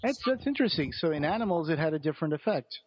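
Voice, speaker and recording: A man's voice: fairly high pitch, animated, racing, highs cut off, background noise. A man co-hosting a podcast who thinks aloud hesitantly, with trailing sentences and fillers. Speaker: podcast co-host. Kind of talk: casual chat about books.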